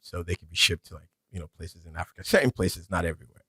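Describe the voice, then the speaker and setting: A man's voice: low voice, animated, quick pace, pushed and bright, breathy edge, no room sound. A man chatting casually on a podcast, rambling with lots of filler words. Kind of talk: casual chat. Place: podcast studio.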